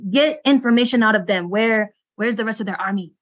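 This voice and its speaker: A woman's voice: fairly high pitch, brisk. A woman in an improv comedy skit, playing a bossy commanding officer who keeps giggling.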